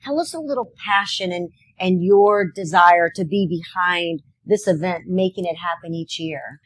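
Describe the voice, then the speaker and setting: Chatty husky woman hosting live. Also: fairly low pitch, normal speed, no room sound, poor audio. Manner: chatty and playful, laughing often. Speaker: co-host of a live local show. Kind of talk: casual live chat. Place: outdoor street fair.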